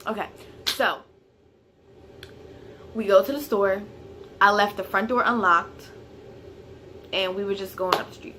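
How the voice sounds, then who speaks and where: Bright-voiced woman telling a story. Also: mid-range voice, steady tone, measured pace, long pauses, a little hiss or hum. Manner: chatty, filler-heavy storytelling; grows loud and heated when retelling the fight. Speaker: vlogger. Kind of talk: casual storytime vlog.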